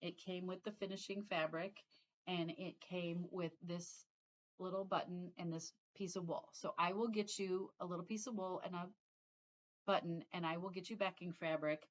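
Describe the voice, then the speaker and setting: A woman's voice: on the low side, steady tone, normal speed, dull audio. A middle-aged woman vlogging casually about her cross-stitch, rambling and often restarting her sentences. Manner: rambling, chatty, trails off and restarts. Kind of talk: casual chat to viewers.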